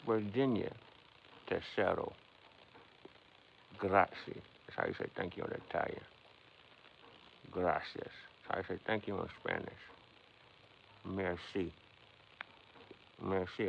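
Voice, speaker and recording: A man with a gravelly, somewhat low voice runs a casual livestream, musing out loud and talking straight at his chat. The sound is dull and lo-fi, with a faint noise underneath. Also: slow, pauses often. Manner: rambling, philosophizing, addressing chat directly. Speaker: livestream host.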